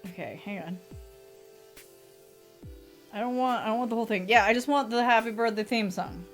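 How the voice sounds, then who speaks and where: A woman streaming a horror visual novel, reading its journal entries aloud in a subdued voice and chatting warmly with her viewers. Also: fairly high pitch, moderate pace, faint music behind.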